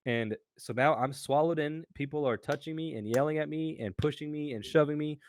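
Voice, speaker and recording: A young American man, co-host of a podcast, telling a story in a casual, animated way, acting out voices and swearing freely. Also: on the high side, brisk. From United States.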